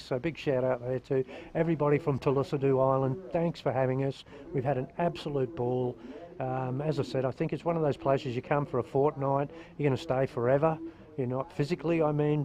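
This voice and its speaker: A man's voice: medium pitch, dark tone, low-quality recording. A man commentating live surfing from a booth, chatty and enthusiastic. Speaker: surf commentator.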